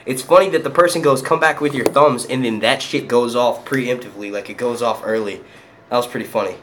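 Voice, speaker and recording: A young Philadelphia man hosts his own YouTube channel, chatting casually on a live stream. He speaks fairly quickly at medium pitch over a noisy background, rambling, swearing, and laughing often.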